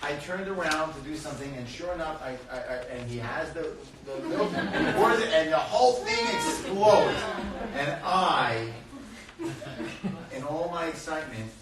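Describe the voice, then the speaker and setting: A man shares a parenting story with an audience, animated and quick to laugh, slipping into the voices of the people in his tale. His voice sits a little high and carries from far off. The hall rings with echo while the audience murmurs around him. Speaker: guest speaker on parenting. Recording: echoey hall, far mic, crowd noise.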